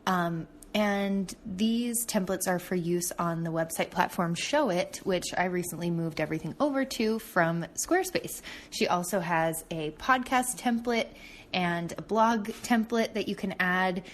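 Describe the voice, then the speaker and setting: A woman's voice: lowish voice, a little slow, slight background noise. Upbeat woman podcast host. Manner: upbeat, enthusiastic, lots of "super". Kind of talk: casual podcast chat and sponsor read.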